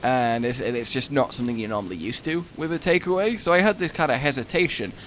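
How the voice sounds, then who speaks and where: A man in his twenties, chatting over gameplay and telling a funny story with excitable outbursts. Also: mid-range voice, fast, slight background noise. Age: 20s. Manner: excitable anecdote-telling, bursts into loud exclamations. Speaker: gaming YouTuber.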